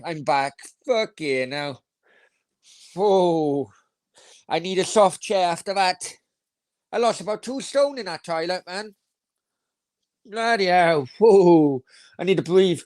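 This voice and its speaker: A man's voice: high voice, lively intonation, slow pace, pauses often, darkish tone, dry recording. A man hosting a casual football live stream, rambling crudely, swearing freely and reading viewer comments aloud. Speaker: football channel host.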